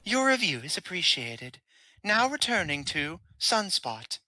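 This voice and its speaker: A man's voice: sits high, sing-song, measured pace, bright, forceful tone, no room sound, pitched above the performer's own voice, exaggerated voice. A man voicing a polite automated elevator announcer crackling over a speaker in a chirpy, formal way. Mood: chipper.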